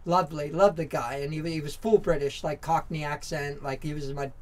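A man in his forties with an American accent talks through his memories as a podcast guest. His voice sits a little higher than most men's. He tells it candidly and in loose rambling runs, full of fillers, restarts and casual swearing. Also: steady tone, brisk, a little mellow. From Southern California, USA. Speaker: podcast guest, former motorcycle racer. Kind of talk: casual storytelling interview.

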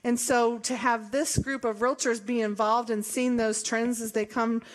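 Woman, middle-aged, from Missouri, high-pitched, emphatic and jokey, conversational forum speech. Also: normal speed. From Columbia, Missouri. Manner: lively, emphatic, jokey, with laughs and rhetorical questions. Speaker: association leader speaking at a forum.

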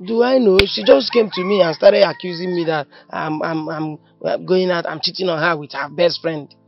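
A man's voice: on the high side, moderate pace, gravelly, dry recording, lo-fi sound, faint music behind. An actor with a Nigerian accent playing a distressed young man who stammers as he pleads that he never cheated. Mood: pleading.

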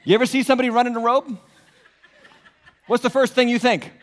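A male pastor with a New England accent preaching an animated sermon, joking and throwing rhetorical questions at the congregation in a church auditorium. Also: extremely high pitch, fairly quick. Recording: long hall reverb.

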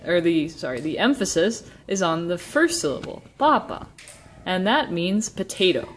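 A woman teaching Spanish stress rules, slowly sounding out example words. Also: lowish voice. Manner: slow, deliberate word demonstrations. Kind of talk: classroom-style explanation.

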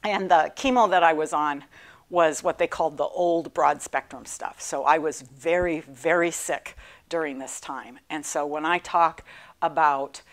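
Speaking a little slowly with a voice that sits low, a middle-aged cancer survivor shares her personal story for a class, poking fun at herself and laughing frequently in a lively way.

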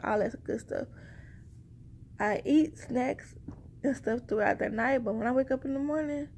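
Woman vlogger, fairly high voice with vocal fry, chatty and rambling, slightly breathless. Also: a little hiss or hum. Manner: chatty, rambling, addresses viewers directly. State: short of breath. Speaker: vlogger sharing a pregnancy update. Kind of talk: casual chat to camera.

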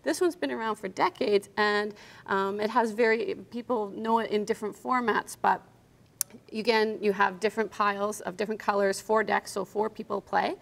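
Woman, thirties, toy shop guest, upbeat explainer, gravelly tone, TV studio. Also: mid-range voice, steady tone, moderate pace. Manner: upbeat, explanatory, laughs often. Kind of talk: TV studio interview, demonstrating games. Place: TV news studio.

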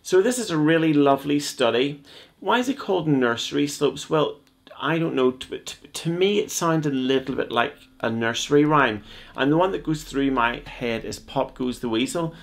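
Guy with a kinda gravelly voice teaching cello, chatty and jokey, step by step. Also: a little high, expressive, moderate pace. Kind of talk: video music lesson.

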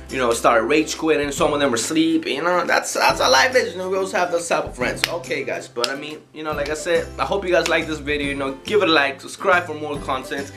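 A young man hosting a casual gaming video, rambling with lots of "you know" fillers. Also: a little high. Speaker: video host. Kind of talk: casual vlog talk to camera.

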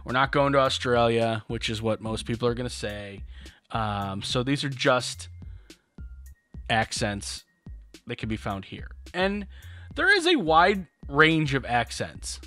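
A man's voice: medium pitch, animated, unhurried, bright, forceful tone. Rambling podcast guy, music under. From Buffalo area, New York. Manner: loose, rambling, many fillers. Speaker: podcast co-host. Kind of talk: casual chat.

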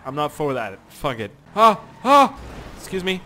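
A young man giving casual, excitable gameplay commentary, swearing and laughing as he plays. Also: medium pitch, brisk, slight background noise. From Canada. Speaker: gaming YouTuber.

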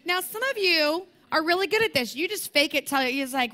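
A young woman preaching at a conference, emphatic and animated, with self-deprecating humor. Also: very high voice, normal speed, hardly any pauses. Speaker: conference speaker. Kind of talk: sermon.

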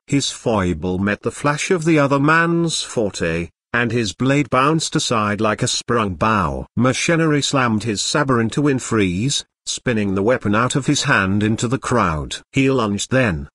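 Synthetic male narrator, husky, lively intonation, dry close sound. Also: mid-range voice, dry recording. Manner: synthetic text-to-speech reading. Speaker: audiobook narrator. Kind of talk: scripted narration.

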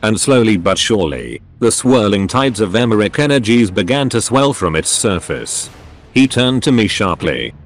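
A synthetic male voice narrating a story in a steady reading manner. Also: fairly low pitch, moderate pace.

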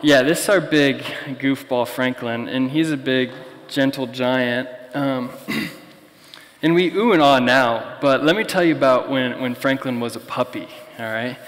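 Young man, pastor, conversational sermon, storytelling, mid-pitched, long hall reverb. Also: a little slow, fairly bright tone. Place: church.

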